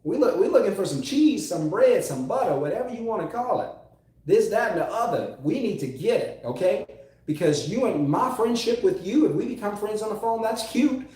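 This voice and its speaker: His voice is high-pitched and mellow, recorded in an echoey room. He teaches sales as a motivational coach, speaking emphatically, repeating key phrases, and elongating words for emphasis.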